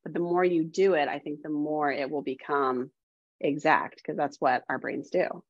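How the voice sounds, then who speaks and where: A woman's voice: sits low, fairly even intonation, moderate pace, dry recording. A woman guest talking casually on a podcast, rambling and filling her speech with "like". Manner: rambling, heavy use of "like". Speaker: guest, developing medium. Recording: dull lo-fi sound.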